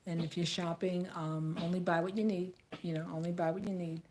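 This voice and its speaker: A woman's voice: fairly low pitch, flat delivery, a little fast, darkish tone. An American woman talking straight to camera in a blunt, outspoken rant, repeating phrases for emphasis. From United States. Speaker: vlogger.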